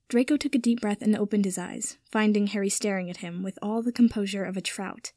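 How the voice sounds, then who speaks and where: A woman's voice: mid-range voice, fairly even intonation, normal speed, darkish tone, no echo. Woman reading a story in a dry voice. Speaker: reader. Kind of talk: audiobook-style story narration.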